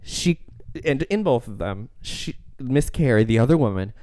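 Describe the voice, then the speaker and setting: Man, podcast co-host, rambling film chat, laughs a lot, smooth resonant voice, dry close sound. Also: medium pitch, animated, moderate pace, a little mellow, no room sound. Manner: rambling, tangential, laughs often; acts out movie lines in quoted voices. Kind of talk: casual film discussion chat.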